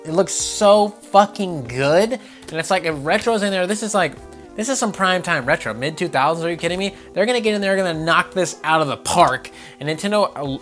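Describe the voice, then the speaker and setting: Animated young man ranting about games. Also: on the high side. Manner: animated, swears, mimics voices. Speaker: gaming video host. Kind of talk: casual opinion rant.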